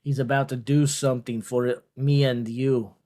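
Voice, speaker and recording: A man's voice: medium pitch, little pitch movement, normal speed, mellow. A man hosting a casual watch-along of a strongman contest, talking in a playful, jokey way with rambling asides. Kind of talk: casual live commentary.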